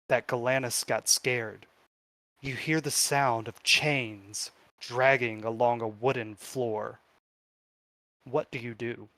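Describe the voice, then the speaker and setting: A man narrating a tabletop game as game master with slow, descriptive storytelling. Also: mid-range voice, a bit bright, no echo.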